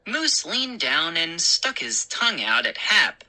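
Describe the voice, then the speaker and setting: A woman reading a children's story aloud in an expressive, unhurried way. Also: low voice, low-quality recording.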